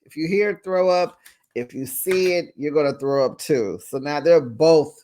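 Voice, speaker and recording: A host recapping reality TV episodes in a chatty, sassy way, with drawn-out asides. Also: mid-range voice, mellow. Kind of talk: casual recap commentary.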